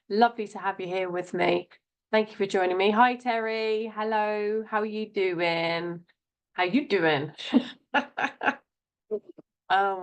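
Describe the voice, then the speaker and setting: A woman hosting a live psychic stream, chatting warmly and greeting viewers by name, often calling them "my lovely". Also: mid-range voice. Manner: warm, chatty, reads out viewer names with endearments. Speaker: psychic show host.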